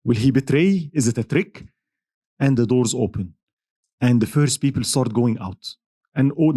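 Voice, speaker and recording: A man's voice: medium pitch, mellow. A male lecturer telling religious history as a dramatic story, acting out the people in it.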